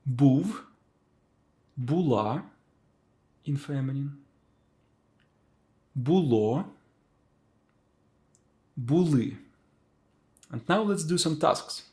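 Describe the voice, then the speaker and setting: A man teaching a language lesson, saying each word slowly and repeating it for learners to copy. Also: a little high, expressive, dark tone. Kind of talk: slow spoken language lesson.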